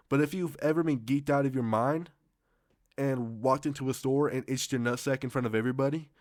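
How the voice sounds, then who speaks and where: Young guy, casual storytime, slangy and rambling, medium pitch, dead-dry close sound. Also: no room sound. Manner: loose, slangy, profane, rambling with restarts.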